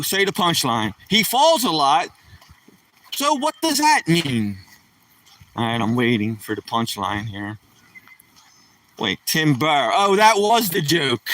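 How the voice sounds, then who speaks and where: A man's voice: mid-range voice, bright, forceful tone. A middle-aged man rambling and joking casually on a live stream, somewhat far from the mic.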